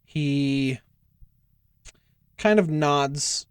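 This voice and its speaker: A man's voice: a little high, very slow, smooth, dry recording, clean studio sound. A young man running a tabletop game as game master, narrating in a casual, filler-heavy way with cursing.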